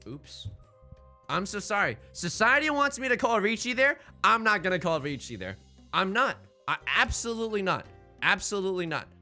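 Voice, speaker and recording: A young man streaming a tile game, rambling and self-deprecating as he thinks out loud. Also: high-pitched, very animated, moderate pace, soft background music. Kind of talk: casual game commentary.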